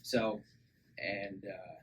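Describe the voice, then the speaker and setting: A man's voice: fairly low pitch, little pitch movement, extremely slow, a bit bright, far from the mic, rough recording. A man co-hosting a casual movie review podcast, recapping scenes and mocking the characters in exaggerated voices. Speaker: podcast co-host. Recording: faint background noise.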